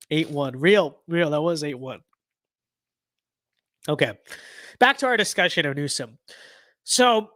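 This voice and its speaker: A young man with a stuffy nose gives blunt, sarcastic, rambling political commentary on a casual livestream. His voice is on the high side and a bit bright.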